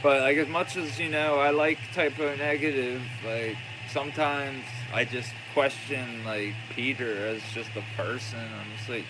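A man's voice: medium pitch, steady tone, a little slow, few pauses, background noise. A man hosting a vlog in casual chat, rambling and loose with lots of filler words. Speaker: vlog host.

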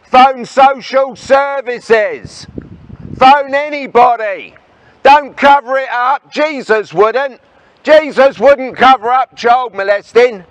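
A man's voice: very high voice, slow pace. A man giving an angry confrontational harangue outdoors as a street protester, badgering his listeners with repeated challenges. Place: outdoors by the sea.

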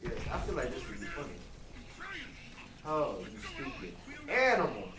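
A gamer giving loud, profane casual commentary while playing a co-op horror game, quick to rage and laugh. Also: mid-range voice, very animated. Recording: distant mic in an echoey room with loud ambience.

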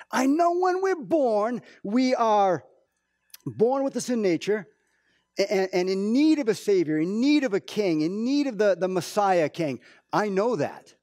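Animated man preaching a conversational sermon. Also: high voice, unhurried, no echo, studio quality. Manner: informal, animated storytelling with many restarts. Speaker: pastor. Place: church.

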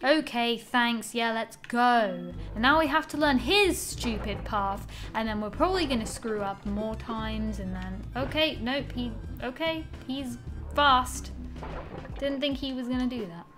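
A woman's voice: on the high side, a little slow, over music. A young woman giving casual gameplay commentary, exasperated, swearing often and talking to herself. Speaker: gaming channel host.

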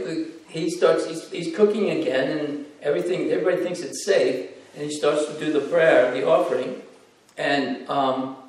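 A man telling devotional stories to an audience, animated, slipping into character voices. He sounds far from the mic, and a heavy echo rings through the hall around him. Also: fairly high pitch. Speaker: lecturer. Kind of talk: devotional storytelling lecture. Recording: echoey hall, distant mic.

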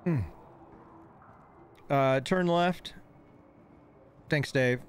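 A man's voice: mid-range voice, sing-song, measured pace, pauses often, slight background noise. A man streaming a game live, rambling and distracted, slightly lisping after dental work and on painkillers. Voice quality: slightly lisping from missing front teeth. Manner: rambling, easily distracted, giggly. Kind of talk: live gameplay commentary.

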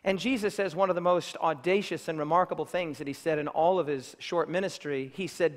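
A man preaching a sermon in a church, emphatic and building to loud declarations. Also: fairly high pitch, a little fast, few pauses, big-room sound. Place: church sanctuary.

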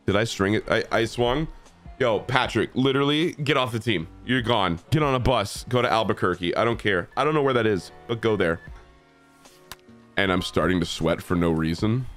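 A young man with a very deep voice and a stuffy head cold commentates his baseball video game in a loose, excitable way. He swears freely, mocks the players and shouts at the screen, with faint game music playing under him. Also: moderate pace. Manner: excitable, profane, trash-talking the game. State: congested from a cold. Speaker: gaming streamer. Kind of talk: casual gameplay commentary.

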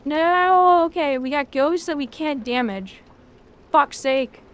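A woman's voice: sits high, slow pace. A woman streaming a video game, chatting casually with her chat, rambling and swearing freely.

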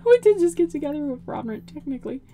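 A woman's voice: sits high, very animated, rapid-fire, warm tone. A young woman giving casual, profane, joking commentary over a life-simulation game and talking to her character. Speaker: gaming video host.

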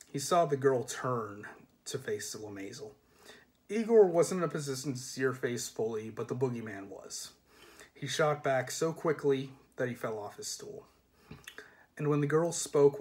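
A man reading a comic fantasy novel aloud in a measured, dry storytelling manner. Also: mid-range voice, lively intonation, darkish tone. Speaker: reader.

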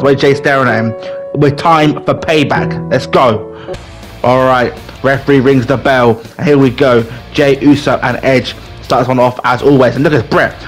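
A man narrating a wrestling video game like a ringside announcer, excitable and playful, his voice jumping up when a match turns against him. He talks at an ordinary middle pitch with faint music behind him. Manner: excitable, mock wrestling-announcer play-by-play, bursts into pleading. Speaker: gaming channel host. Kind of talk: excited let's-play commentary.

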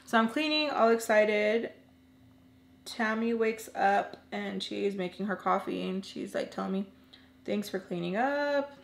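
A woman's voice: mid-range voice, steady tone, unhurried, gravelly, echoey room. A young woman telling an emotional personal story in a casual, earnest way, filling her talk with lots of "like"s. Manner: chatty, filler-heavy with many "like"s.

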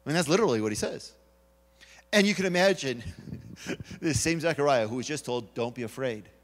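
In a church sanctuary that sounds like a large hall, a pastor preaches with an animated, mid-range voice, fairly quick but pausing often. He tells stories throughout the sermon, performing the voices of their characters.

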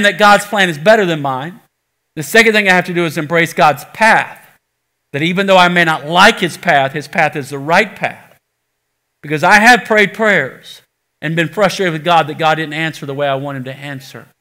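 A male pastor preaching a sermon to a congregation, swinging from loud exhortation to hushed pleading and acting out quoted voices. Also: sits high, normal speed. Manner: acts out quoted voices in everyday speech. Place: church sanctuary.

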